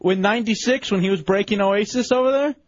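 A man hosting a comedy radio show, quick and teasing, laughing easily. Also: high-pitched, dry recording, lo-fi sound. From Chicano, US.

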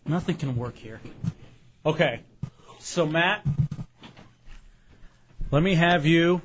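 A man's voice: fairly high pitch, slow, background noise. A man hosting a talk radio show, teasing his guests in joking banter and laughing often. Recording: dull lo-fi radio broadcast.

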